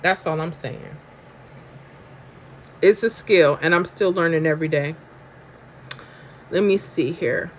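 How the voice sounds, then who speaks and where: Talkative New York-accented woman, low-ish voice, casual live-stream host who reads chat comments aloud and talks slangy and emphatic. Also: slow pace, long pauses, slight background noise.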